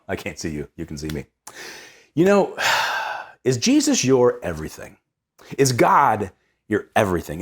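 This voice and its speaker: A young man hosts a casual reflection on scripture with a husky, slightly breathy voice. His pitch swings widely as he talks. He speaks with energy and conversational ease, and repeats words when he gets excited. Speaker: host of a Sunday readings reflection.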